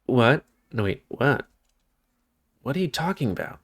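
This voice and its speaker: A man voicing a frightened, confused young male lynx in a visual novel, asking halting, pleading questions. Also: mid-range voice, sing-song, fairly bright tone, pitched above the performer's own voice, exaggerated voice.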